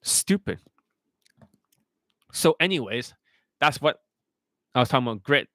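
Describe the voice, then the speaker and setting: A man's voice: mid-range voice, animated, a little fast, bright, forceful tone, dry recording. A man giving a profane, scornful monologue as a dating coach, ranting aggressively.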